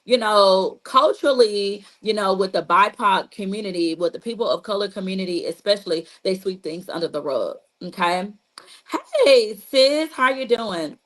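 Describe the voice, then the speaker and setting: A woman therapist, an adult with a child, gives a casual and repetitive teaching talk on trauma healing, addressing listeners directly and relying on "you know" and "like." Her mid-range voice moves at a moderate pace with hardly any pauses. The audio is poor.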